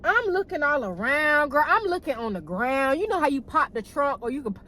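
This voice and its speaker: A young woman spins a casual storytime for her channel, talking straight to viewers as y'all. Her voice sits on the higher side, and she swears freely with lively, chatty energy. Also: brisk, low-quality recording. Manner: chatty, animated, frequent cussing, keeps addressing viewers as y'all. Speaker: vlogger.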